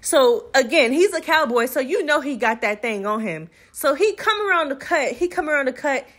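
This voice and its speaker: A young woman with a slightly high voice tells a movie's plot like gossip to a friend. She is chatty and animated and slips into quick impressions of the characters. It is a casual recap for her channel. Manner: chatty, animated storytelling with acted-out quotes.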